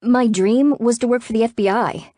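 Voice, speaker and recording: A woman narrating a first-person romance audiobook in an expressive way that rises to tense urgency. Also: on the high side, normal speed, no room sound, clean studio sound. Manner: expressive, rising to tense urgency in anxious passages.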